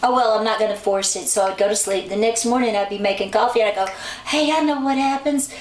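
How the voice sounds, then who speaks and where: A woman tells her story in a chatty, relaxed way, slipping into lively voices whenever she quotes someone. She sits some way back from the mic in a roomy, echoing space, with a faint hiss underneath. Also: medium pitch, fast talker. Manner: chatty, acts out quoted people with lively shifts in voice. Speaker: songwriter and author guest. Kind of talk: casual storytelling in an interview. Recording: roomy sound from a distant mic, faint noise.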